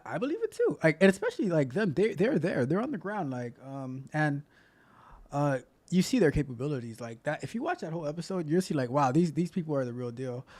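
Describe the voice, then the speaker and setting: A man's voice: fairly high pitch, darkish tone. A man hosting his coding channel, talking in a loose, rambling way and repeating himself as he comments. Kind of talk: casual reaction commentary.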